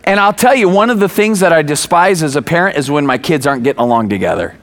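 A man in his forties, a pastor preaching a sermon, telling stories with lively acted-out voices and sudden raised words. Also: a little high, fast talker. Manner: animated storytelling, acts out quoted voices, bursts of raised voice.

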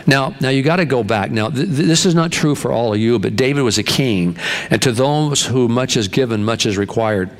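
A man's voice: mid-range voice, brisk. Older male pastor, folksy conversational sermon delivery, lots of restarts.

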